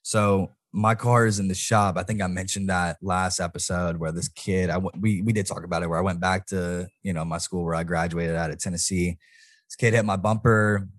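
A hoarse young man co-hosting a podcast, telling stories casually and swearing freely. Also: low-pitched, fairly quick, no room sound, clean studio sound. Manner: swears freely, animated storytelling. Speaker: podcast co-host.

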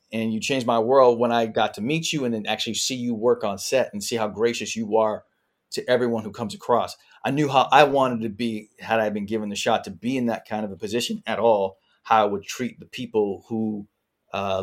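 Chatty man telling rambling stories. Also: lowish voice. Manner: chatty, rambling anecdotes with frequent fillers. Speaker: actor guest. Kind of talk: casual interview storytelling.

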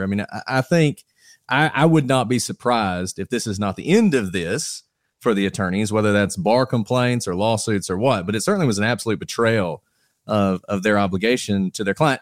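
A man giving measured legal analysis on a podcast panel, thinking aloud with small restarts. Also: on the low side, no room sound, studio quality. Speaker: attorney guest.

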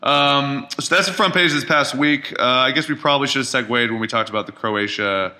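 A man co-hosting a podcast in casual chat, animated and swearing freely. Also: medium pitch, brisk. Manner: animated, swearing, laughs easily. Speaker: podcast co-host.

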